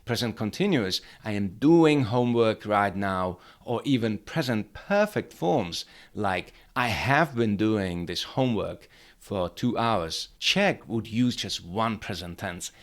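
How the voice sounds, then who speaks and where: A man teaching a grammar lesson, explaining upbeat and clearly, step by step. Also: fairly low pitch, lively intonation, slow. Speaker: language teacher.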